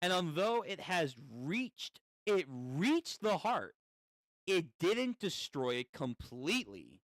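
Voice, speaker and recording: A man's voice: high voice, big pitch swings, slow pace, no room sound, full character voice. A man reading as a wounded, calculating gunman.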